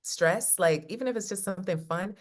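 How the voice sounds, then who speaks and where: Chatting casually on a video call, a woman who works as a love coach brings her stories to life by acting out what people said. Her voice is medium in pitch and her delivery is brisk.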